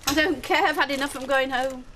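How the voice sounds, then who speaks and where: A woman's voice: high voice, brisk, pushed and bright, a little hiss or hum. An actress playing a tired, lonely middle-aged woman who talks hesitantly and wearily. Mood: fed up. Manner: hesitant, weary, tearful.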